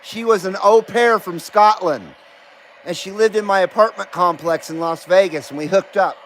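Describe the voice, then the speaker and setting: A man's voice: sits high, normal speed, a bit bright, slight background noise. A middle-aged man hosting a live CB radio stream, chatting casually and joking easily with radio contacts.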